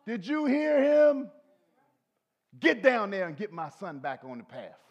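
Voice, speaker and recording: A preacher voicing God, loud and commanding, stretching his words out. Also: very animated, dull audio, exaggerated voice. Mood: amused. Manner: loud, drawn-out, booming calls. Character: amused, commanding God speaking of a son.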